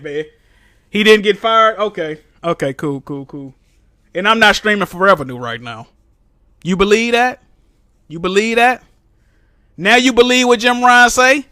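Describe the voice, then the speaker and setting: A man hosting a live stream, trash-talking loudly and laughing often in casual banter. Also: extremely high pitch, no echo, studio quality. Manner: loud, mocking trash talk with frequent laughter. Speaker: streamer host.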